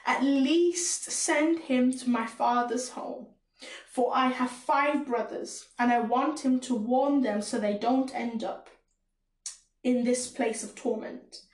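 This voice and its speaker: A woman reads as a rich man begging from flames, his voice high and pleading with a Caribbean accent. The reading is slow, in a roomy, echoing space. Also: fairly even intonation. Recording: roomy echo.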